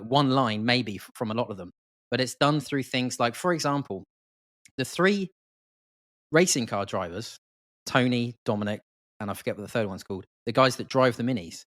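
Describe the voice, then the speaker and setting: A man, a podcast guest, explaining a film in a lively, talkative way. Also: mid-range voice, dry recording, studio quality. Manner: animated, explanatory, quotes lines from the film. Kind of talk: casual film discussion.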